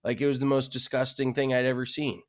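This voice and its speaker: A young man co-hosting a podcast in relaxed, chatty conversation. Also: medium pitch, fast. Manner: relaxed and chatty, frequent fillers. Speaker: podcast co-host. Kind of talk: casual chat.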